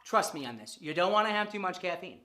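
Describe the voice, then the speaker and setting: Brief: woman vlogger in her thirties, bright forceful voice, lively pitch, blunt and profane, hammers points with repetition. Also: quick pace. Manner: animated, profane, emphatic repetition. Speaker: fitness vlogger. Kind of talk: casual vlog monologue.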